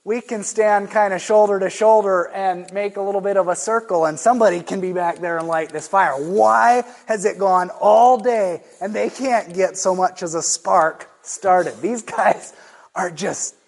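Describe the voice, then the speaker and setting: A man preaching a sermon in an emphatic, conversational way, slowing down to stress his points. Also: high-pitched, gravelly.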